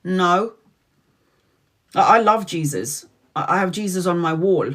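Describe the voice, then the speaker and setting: A woman's voice: on the low side, a little slow, a bit bright. Frank, foul-mouthed woman tarot reader chatting live. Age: 40s. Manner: frank and chatty, swears freely; addresses viewers by name. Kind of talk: casual live-stream chat.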